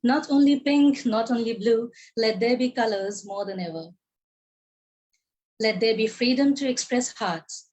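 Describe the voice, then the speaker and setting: A woman's voice: a little high, measured pace, a little mellow, muffled recording. A woman reciting her own poem on a video call, repeating lines for emphasis, her voice tiring. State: voice tiring, coughing. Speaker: poet reading her work. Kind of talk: poetry recital.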